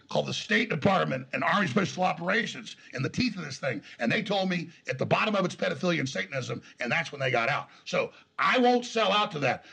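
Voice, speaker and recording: A man's voice: fairly high pitch, sing-song, brisk, gravelly, hardly any pauses, a bit bright, slightly rough. A man with a Texas accent, a guest in a conversational interview, telling a long story in an emphatic, rambling way. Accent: Texan. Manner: emphatic, rambling, acts out quoted exchanges.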